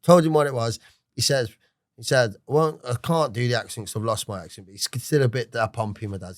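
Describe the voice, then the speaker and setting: This English podcast guest, a man in his forties, speaks quickly at a medium pitch with no room sound. He rambles through his life story in a casual interview, cursing and often starting over.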